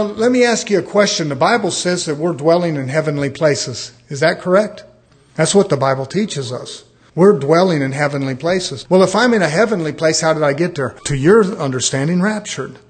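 A man in his fifties preaches a sermon in a fairly high-pitched voice at a moderate pace. His preaching is animated, with rhetorical questions and calls for amens.

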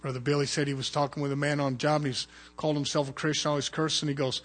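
A man preaching a fervent sermon as pastor, swinging between loud urgent calls and hushed low asides. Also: flat delivery, racing, hardly any pauses.

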